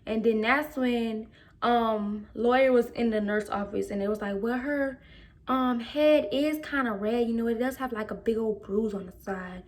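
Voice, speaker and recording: High-voiced teen girl telling a story. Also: normal speed. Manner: animated retelling with quoted voices. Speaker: vlogger. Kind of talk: casual storytime.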